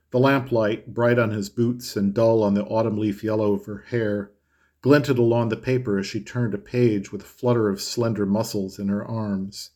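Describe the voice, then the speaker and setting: A man narrating a classic novel in a measured, expressive way. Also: fairly low pitch. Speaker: audiobook narrator. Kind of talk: scripted literary narration.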